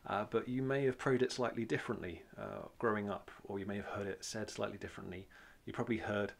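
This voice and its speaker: A gravelly, lowish-voiced man with a Welsh accent talks quickly and with hardly any pauses, his intonation fairly even. He's giving an informal, conversational church talk on prayer, plain-spoken, with many fillers and repetitions for emphasis.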